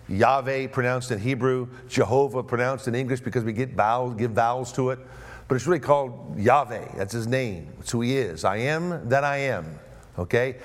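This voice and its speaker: A man preaching a sermon, moving between hushed, slow passages and raised, emphatic declarations. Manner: dynamic preaching, swings between hushed low phrases and raised emphatic ones. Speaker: pastor.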